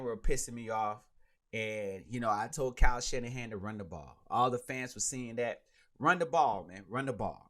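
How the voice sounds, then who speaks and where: A man's voice: medium pitch, fairly bright tone. A man hosting his own podcast, ranting and joking in casual solo sports talk. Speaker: podcast host.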